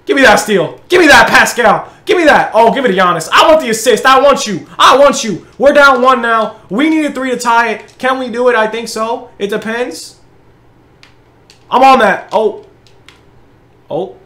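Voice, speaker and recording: A young man commentating his own basketball video game match, excitable, hyping his plays and groaning at misses. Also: very high-pitched, normal speed, echoey room. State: out of breath. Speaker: gaming channel host. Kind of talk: live gameplay commentary.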